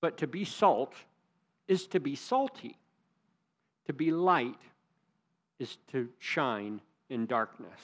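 A man's voice: medium pitch, big pitch swings, slow, pauses often. A man preaching a sermon as pastor, earnest and emphatic, leaning hard on key words.

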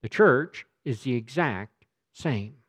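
A man's voice: mid-range voice, expressive, slow pace, fairly bright tone, slightly rough. A man preaching a sermon as pastor, speaking emphatically and often repeating words as he presses a point.

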